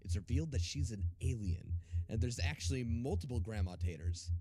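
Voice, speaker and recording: A man narrating a scripted episode recap in a steady storytelling manner. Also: medium pitch, brisk, husky, no room sound. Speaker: video narrator.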